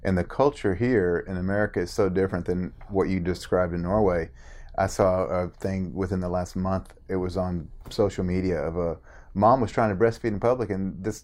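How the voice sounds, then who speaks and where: A man's voice: fairly low pitch, a little mellow. A man hosting a podcast interview, talking casually and rambling, with many you-knows. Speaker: host.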